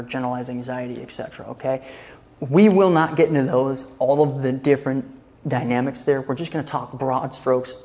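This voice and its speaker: A man teaching a Christian counseling class in a relaxed, conversational way. He often checks in with his listeners and retells scripture scenes in everyday speech. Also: mid-range voice, lo-fi sound.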